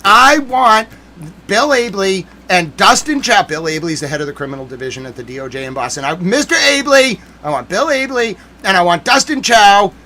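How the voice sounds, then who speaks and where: A man's voice: high voice, big pitch swings, brisk, hardly any pauses. Man in a theatrical mock-outraged rant. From Massachusetts. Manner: theatrical mock outrage, swinging between loud and muttered. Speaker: livestream host. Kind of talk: ranting live stream commentary.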